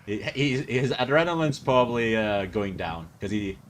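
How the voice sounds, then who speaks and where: A man's voice: fairly low pitch, expressive, moderate pace, a little hiss or hum. A male streamer chatting casually and reacting with frequent laughter while watching a video.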